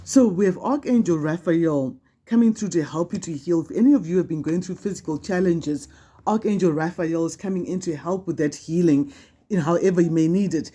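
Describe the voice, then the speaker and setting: Woman tarot reader, mellow warm timbre, conversational and emphatic, repeats herself often. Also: on the low side, fairly quick. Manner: conversational, emphatic and repetitive, with frequent restarts. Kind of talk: spiritual card reading to camera.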